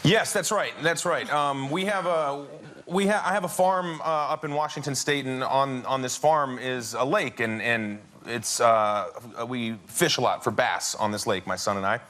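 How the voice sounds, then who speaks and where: A man's voice: mid-range voice, moderate pace, few pauses, a bit bright. A man in his forties, a guest on a talk show, telling an anecdote with frequent laughter in casual chat. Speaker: guest, film actor. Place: television studio with audience. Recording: crowd and studio noise.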